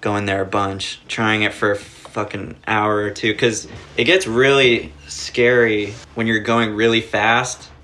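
A man's voice: fairly low pitch, level tone, measured pace, hardly any pauses, bright, forceful tone. A young man telling a long story in casual chat, rambling with lots of filler words and cursing. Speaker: podcast guest.

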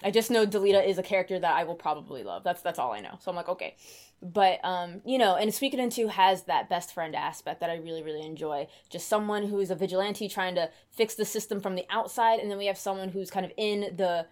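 A woman's voice: lowish voice, fast, darkish tone. A woman in casual chat about video games, chatty and rambling, with many fillers and restarts.

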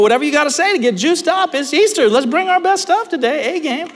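A man preaching a sermon as pastor, telling a joking story with lively asides. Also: extremely high pitch, fast talker, hardly any pauses. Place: church sanctuary. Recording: long hall reverb.

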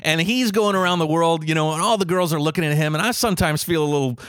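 A young man with a loud voice telling a travel story as co-host in a casual, jokey chat. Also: a little high, fast talker, clear, resonant tone, dry recording. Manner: animated, jokey, laughs often.

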